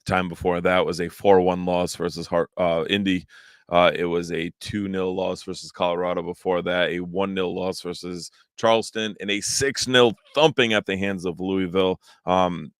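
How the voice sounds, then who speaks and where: A man hosting a casual soccer podcast from a spare room at home, relaxed and rambling with fillers. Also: deep voice, moderate pace, clean tone, dry recording, studio quality. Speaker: podcast host.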